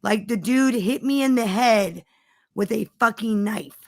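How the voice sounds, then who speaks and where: A woman's voice: a little high, measured pace, gravelly, no echo. A woman guest telling a story in a defiant, profane way, repeating herself for emphasis. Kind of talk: casual storytelling.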